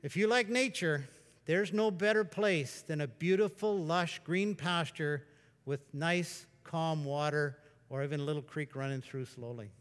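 Male preacher, slightly high voice, conversational sermon delivery, long hall echo. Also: a little slow. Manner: conversational storytelling preacher, bursts into excited exclamations. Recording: long reverb of a large hall.

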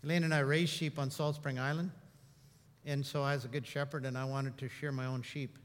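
A male pastor preaching a sermon, telling stories and moving between hushed reflection and animated telling. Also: medium pitch, brisk, in a large hall.

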